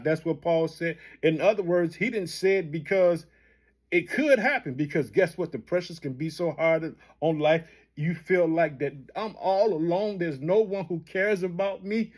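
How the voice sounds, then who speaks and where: Fervent man preaching. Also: sits high. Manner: fervent, repetitive, calls out to listener. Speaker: podcast host and preacher. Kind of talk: informal late-night sermon.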